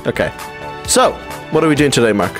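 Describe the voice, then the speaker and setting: Excitable man yelling over gameplay. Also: medium pitch, a little fast, music in the background. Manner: excitable, swears a lot, yells when chased. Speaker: gaming channel host. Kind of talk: casual gameplay commentary.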